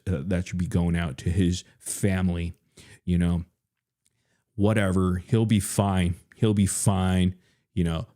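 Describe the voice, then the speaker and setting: A man's voice: sits low, warm tone. A man hosting a livestream, ranting bluntly and profanely with many hesitant fillers. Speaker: livestream host.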